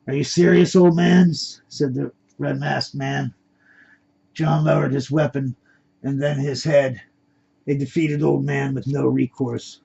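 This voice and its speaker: Man, story reader, gravelly, husky, dull lo-fi home recording. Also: medium pitch, darkish tone. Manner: plain reading with stumbles and restarts. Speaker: narrator reading his own story. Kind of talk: amateur story reading.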